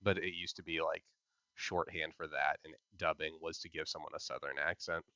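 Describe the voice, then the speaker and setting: A man with a very low voice and a bright, forceful edge talks loosely through an anime recap, leaning on filler words. His dry, close, somewhat dull podcast mic gives it a lo-fi sound. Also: steady tone, moderate pace, dry recording. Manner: loose and explanatory, many "like" fillers, laughs easily. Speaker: podcast co-host. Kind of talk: casual anime recap chat.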